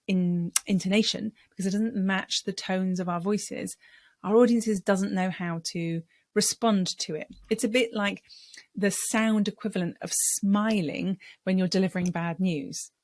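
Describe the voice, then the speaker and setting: A woman speaking coach teaching to camera in a clear, deliberate way, sometimes acting out voice styles. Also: mid-range voice, steady tone, a little mellow, no echo, studio quality.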